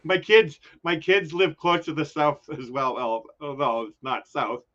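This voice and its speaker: A man's voice: a little high, fairly even intonation, unhurried, a bit bright, highs cut off. An older man with a New York accent, chatting casually as a guest on a livestream and laughing often.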